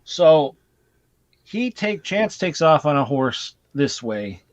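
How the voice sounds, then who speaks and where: A man's voice: a little high, sing-song, slow pace, no echo. A man hosting a casual movie chat, animatedly retelling scenes and swearing casually. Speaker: host. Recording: dull dry lo-fi recording.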